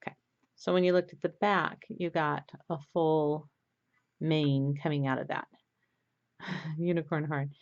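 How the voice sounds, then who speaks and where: Woman, chatty and self-amused, low-pitched, dull lo-fi sound. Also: level tone, measured pace, pauses often. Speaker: crafting vlogger. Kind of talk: casual knitting tutorial chat.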